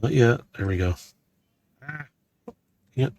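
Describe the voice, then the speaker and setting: A man from Missouri, USA, narrates his Lego build for viewers in a chatty, meandering way, often using fillers and correcting himself. His medium-pitched voice is animated yet slow, creaky and darkish, with a little hiss or hum in the recording.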